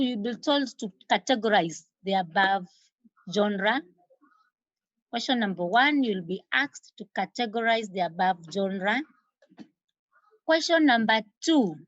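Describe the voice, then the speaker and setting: A woman teacher with a Kenyan accent giving an exam revision lesson, repeating key terms slowly for emphasis. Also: mid-range voice, dry recording. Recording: dull lo-fi recording.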